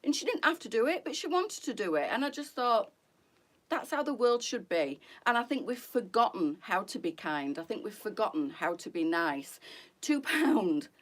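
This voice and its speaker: A woman's voice: a little high, sing-song, moderate pace. A middle-aged woman hosting a live try-on stream for her boutique, talking in a chatty, heartfelt way and calling her viewers girls. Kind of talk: casual live-stream chat.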